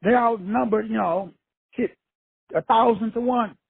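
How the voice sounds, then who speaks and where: Host type: high, very raspy male voice, blunt and profane motivational talk, dry tinny phone-line sound. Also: measured pace, no room sound. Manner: blunt, profane, streetwise preaching. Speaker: motivational speaker, show host. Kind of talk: casual motivational monologue.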